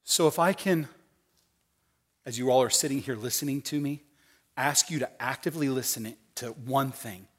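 A middle-aged man preaching a sermon, acting out quoted voices and swinging between hushed, tender lines and loud, emphatic ones. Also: mid-range voice, normal speed. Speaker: pastor.

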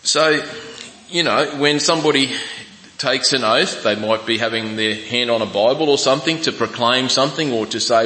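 A man preaching a sermon in a church, his voice bright and forceful. He reads scripture slowly and breaks off with restarts and asides. The sound rings out with the long, echoing reverb of a large hall. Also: medium pitch. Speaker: pastor.

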